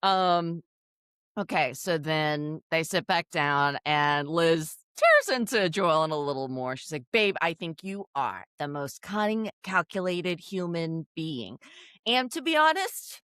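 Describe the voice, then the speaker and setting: A woman co-hosting a casual recap podcast, telling the story in an animated way and acting out quotes with frequent laughter. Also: low voice, measured pace, clean tone, no room sound, clean studio sound. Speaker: podcast co-host.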